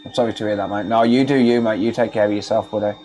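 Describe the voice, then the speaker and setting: A man's voice: lowish voice, steady tone, quick pace, warm tone, a little hiss or hum. An English man, an electronics repair technician, chatting casually to viewers while working on a livestream, rambling and answering them by name.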